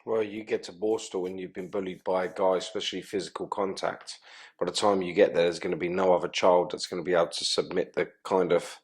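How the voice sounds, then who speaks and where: A man's voice: deep voice, level tone, fairly quick. A man hosting an interview podcast, offering sympathetic remarks and follow-up questions. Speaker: podcast host. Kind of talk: interview conversation.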